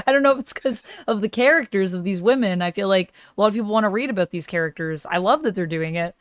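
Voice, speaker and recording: Smooth-voiced woman chatting on a stream. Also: medium pitch, quick pace, hardly any pauses, no echo, studio quality. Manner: chatty, laughs easily. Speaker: livestream host. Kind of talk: casual chat.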